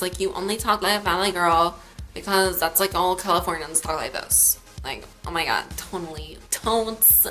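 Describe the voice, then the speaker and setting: A woman's voice: fairly low pitch, a bit bright, low-quality recording. A woman in her late teens ranting to camera in a chatty, sarcastic, rambling way. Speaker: vlogger. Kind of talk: ranting vlog.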